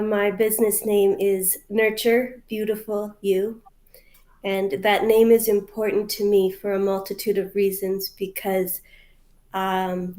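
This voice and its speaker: A woman's voice: medium pitch, a little mellow. A woman from Canada, a mental health coach, answering interview questions in a hesitant, heartfelt way full of fillers over a video call.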